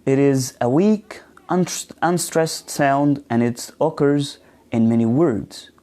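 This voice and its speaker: In a dark-toned, mid-range voice, a man runs a live online pronunciation class. His speech is slow and hesitant with lots of fillers as he models words and quizzes students.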